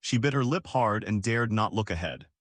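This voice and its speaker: A man's voice: lowish voice, animated, moderate pace, fairly bright tone, dry recording. A man narrating a scripted story recap in a dramatic storytelling manner.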